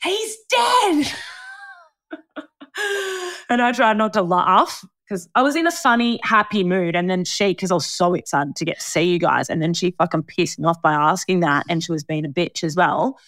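A woman's voice: fairly low pitch, brisk, hardly any pauses, a bit bright, dry recording, clean studio sound. A young Australian woman hosting a podcast, telling a story in casual chat with frequent swearing and laughter. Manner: chatty storyteller, swears freely, laughs often. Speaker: podcast host.

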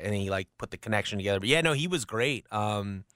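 A man speaking as a guest on a sports talk show, his voice bright and edged. The sound is close and dry, with no room around it. He rambles through stories and keeps correcting himself mid-sentence. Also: fairly low pitch, expressive, fast talker, dry recording. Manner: rambling, self-correcting storyteller. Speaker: newspaper columnist, radio guest. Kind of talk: casual chat.

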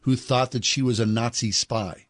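A man co-hosting a talk radio show, relaxed and chatty as he tells odd news stories. His voice sits in a middle pitch. The studio sound is close and dry. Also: normal speed, no room sound. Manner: chatty, relaxed storyteller with frequent "mm-hmm". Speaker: radio co-host. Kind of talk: casual radio chat.

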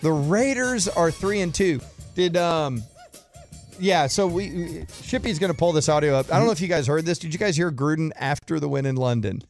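A man co-hosting sports talk radio, chatty and excitable. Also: a little high, moderate pace, faint music behind. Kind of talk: casual sports radio banter.

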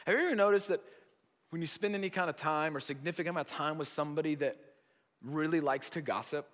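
High-voiced American pastor in a hall. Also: male voice, a bit bright. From United States. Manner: conversational, repeats phrases for emphasis. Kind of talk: sermon.

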